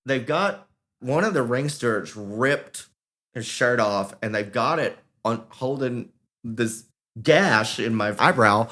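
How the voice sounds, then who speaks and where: Brief: man, podcast co-host, bright animated storyteller who acts out the quotes. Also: medium pitch, normal speed. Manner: animated, acts out quoted voices, laughs while telling. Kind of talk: casual storytelling.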